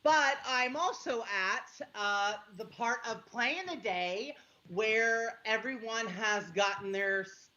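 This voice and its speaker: A woman's voice: fairly high pitch, slow pace, pushed and bright, dull audio. A woman joining a livestream as a guest, who explains things in a chatty, rambling way. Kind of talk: livestream chat.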